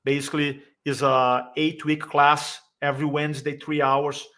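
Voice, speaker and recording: A man's voice: fairly high pitch, little pitch movement, normal speed, pushed and bright. A man telling an emotional personal story as a podcast guest, acting out the voices he quotes, with slightly non-native grammar. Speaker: podcast guest, speaking coach. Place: San Diego area.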